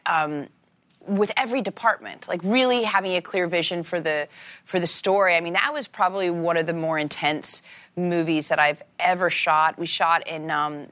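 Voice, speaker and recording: Earnest, reflective actress on a talk show. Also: female voice, fairly low pitch, fairly bright tone. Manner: reflective, earnest, agrees readily with "exactly". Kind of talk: casual interview chat. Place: TV studio set.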